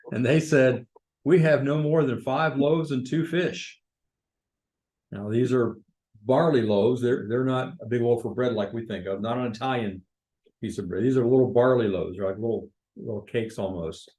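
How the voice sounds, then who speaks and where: A man's voice: mid-range voice, moderate pace, darkish tone, rough recording. A man leading a Bible study in a church, teaching conversationally and asking the group questions. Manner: informal, with fillers and restarts, asks the group questions.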